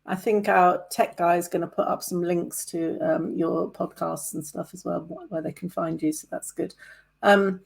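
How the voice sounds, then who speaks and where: A woman's voice: lowish voice, steady tone, normal speed, gravelly, husky. A woman in her fifties hosting a casual interview podcast, rambling with many restarts. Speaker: podcast host.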